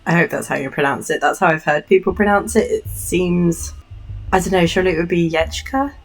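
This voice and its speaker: Low-voiced woman musing over a game. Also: fairly quick, recorded from a distance, soft background music, rough recording. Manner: rambling, musing, self-deprecating. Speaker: game streamer. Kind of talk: casual gameplay commentary.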